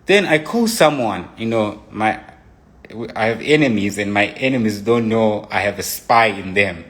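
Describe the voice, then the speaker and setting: A man's voice: fairly low pitch, lively intonation, moderate pace, a bit bright. A young man speaking into his phone on a live stream, telling an emotional personal account in a rambling way, restarting and re-enacting his own texts. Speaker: livestreamer.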